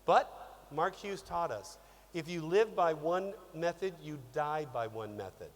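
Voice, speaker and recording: Man, motivational speaker, energetic and chatty; slightly high voice; reverberant hall, light hum. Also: measured pace. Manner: energetic, conversational, repeats words and says "okay?" often. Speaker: business trainer speaking on stage. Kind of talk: motivational talk to an audience. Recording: long reverb of a large hall, faint hum.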